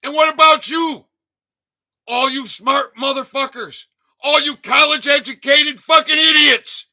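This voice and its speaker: A man hosting a livestream, delivering an angry, swearing rant that breaks into shouting. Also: very high voice, steady tone, measured pace. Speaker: livestream host. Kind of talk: profane ranting livestream. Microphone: desk mic, sometimes too close.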